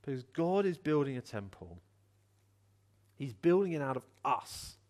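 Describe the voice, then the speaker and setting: A man's voice: mid-range voice, unhurried. A man preaching a sermon in an earnest, encouraging way, acting out voices as he tells stories. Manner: animated, acts out voices in a story.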